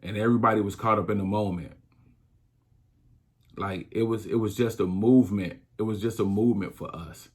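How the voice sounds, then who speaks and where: A man hosts a casual solo podcast in a fairly low, slightly rough voice with fairly even intonation. He speaks reflectively and slowly, drawing out his words and frequently backing up to restart.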